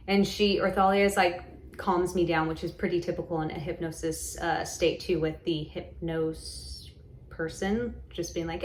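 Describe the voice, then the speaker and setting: A woman's voice: fairly low pitch, steady tone, normal speed, reverberant. A woman casually telling a personal story to camera, rambling, with lots of "like" and "um" and frequent restarts. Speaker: vlogger recounting a hypnosis session.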